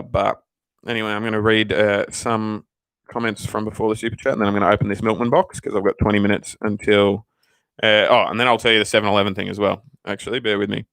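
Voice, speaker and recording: A man's voice: lowish voice, little pitch movement, fast talker, a bit bright, no room sound. Profane ranting man. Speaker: channel host. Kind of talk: casual livestream chat.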